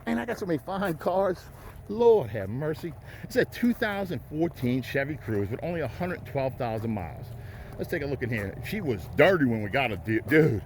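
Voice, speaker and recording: Man, car dealer, mid-pitched, folksy hype pitch, outdoor lot with faint background noise. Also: sing-song, normal speed, darkish tone. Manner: folksy, hypes deals, repeats "riding out" and "folks". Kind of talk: walk-around car sales pitch.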